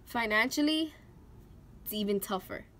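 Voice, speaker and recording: A young woman vlogging about her life, telling a personal story in an emotional, animated way, full of "like" fillers and acted-out quotes. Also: mid-range voice, moderate pace, slight background noise.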